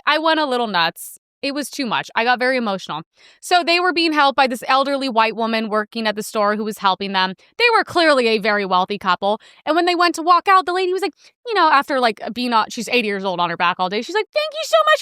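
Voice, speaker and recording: High lively young woman ranting. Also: quick pace, clean tone, no room sound, clean studio sound. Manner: profane, heated, mimics people in loud sharp bursts. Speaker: podcast host. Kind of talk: casual ranting commentary.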